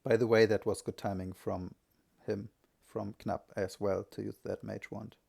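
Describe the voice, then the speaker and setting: A man's voice: on the low side, little pitch movement, moderate pace, creaky, darkish tone, slightly rough. A man giving live solo commentary on a strategy game, thinking aloud and often correcting himself.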